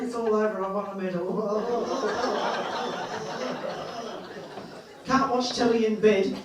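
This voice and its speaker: A woman doing a bawdy, self-mocking stand-up comedy set on stage, born in England and raised in Australia. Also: fairly high pitch. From born in England, grew up in Australia. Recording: roomy live venue from a distance, audience laughter.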